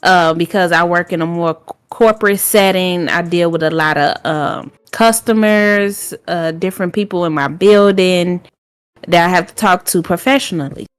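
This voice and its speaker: A woman co-hosting a podcast in casual chat, lively and quick to agree, sometimes laying out definitions. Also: on the low side, smooth. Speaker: podcast co-host.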